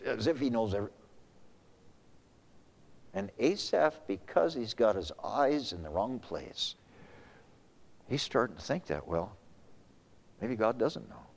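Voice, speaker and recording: A man's voice: medium pitch, very animated, normal speed, long pauses, big-room sound. A male pastor preaching a sermon, swinging between raised emphasis and sudden whispers, often repeating words as he restarts.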